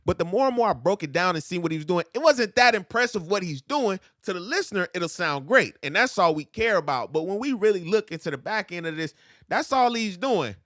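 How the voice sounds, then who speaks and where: Bright high-voiced male rap coach. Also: animated, a little fast, dry recording, studio quality. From United States. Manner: rapping lines back in a bouncy cadence between explanations. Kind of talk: breaking down rap verses.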